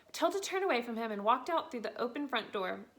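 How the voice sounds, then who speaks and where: A woman reads a children's book aloud in a steady, clear storytelling voice. Her pitch sits a little high. She keeps an even, measured pace through the narration.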